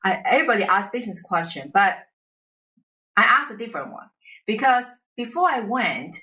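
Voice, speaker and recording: Bright-voiced woman with a Chinese accent. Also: mid-range voice, low-quality recording. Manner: lively, tag questions and quick restarts. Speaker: podcast guest. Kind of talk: conversational storytelling interview.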